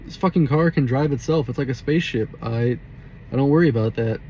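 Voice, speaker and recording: Young male vlogger, mid-pitch, profane, rambling, car interior with faint noise. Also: brisk, mellow, low-quality recording. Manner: rambling, profane, heavy use of "like". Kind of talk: casual storytelling monologue. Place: inside a car.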